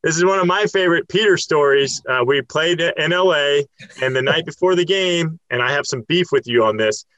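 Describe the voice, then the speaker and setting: A man with a bright, forceful voice chats casually and tells a story with animation, slipping into quick impressions of the people in it. The sound is close and dry, with no room around it. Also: a little high, no echo, rough recording. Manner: animated, laughing, quotes others in voices.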